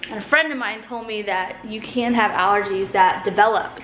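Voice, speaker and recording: A woman's voice: mid-range voice, steady tone, moderate pace, a bit bright, highs cut off, slight background noise. A young woman vlogging in a casual, rambling chat to the camera, filling her talk with "like". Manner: chatty, rambling, fills with "like". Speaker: family vlogger.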